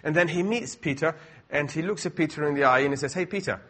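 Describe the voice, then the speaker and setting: A man's voice: on the high side, fast, a bit bright. A middle-aged man preaching a sermon in a conversational way, full of asides and rhetorical questions.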